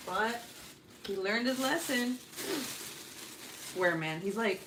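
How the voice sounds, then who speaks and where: Woman, 30s, crafting-stream host; unhurried, foul-mouthed chatter. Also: on the high side, noisy background. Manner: profane, rambling storyteller. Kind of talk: casual chat while crafting.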